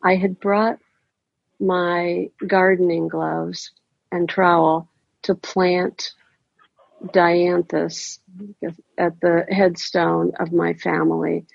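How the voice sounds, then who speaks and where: A woman reading a first-person story aloud in a measured, deliberate way. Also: lowish voice, flat delivery, creaky, no echo. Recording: dry, dull lo-fi recording.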